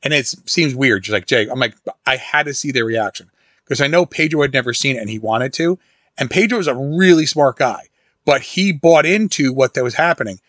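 A man's voice: medium pitch, brisk, fairly bright tone, no echo. A middle-aged man hosting a casual horror-film talk, rambling through stories with many restarts and asides. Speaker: host reviewing a horror film. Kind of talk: casual monologue.

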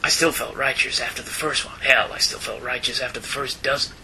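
A man's voice: medium pitch, brisk, bright, forceful tone, a little hiss or hum, rough recording. A man doing a weary old Western gunfighter. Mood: weary, grim. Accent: Western American. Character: weary old male gunfighter, grim and tired. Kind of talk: dramatic reading.

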